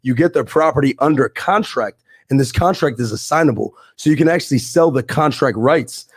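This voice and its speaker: Speaking quickly and forcefully in slangy, casual talk, a young real estate investor on a podcast walks through his story and his deals. His mid-range voice carries a breathy edge, and the recording is dry and studio quality.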